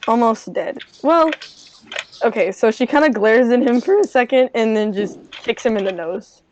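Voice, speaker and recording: A woman playing a tabletop game, her voice a little high. She rambles playfully while describing her moves. Her mic sounds dull and lo-fi. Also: moderate pace, very noisy. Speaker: player. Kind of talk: casual tabletop game play.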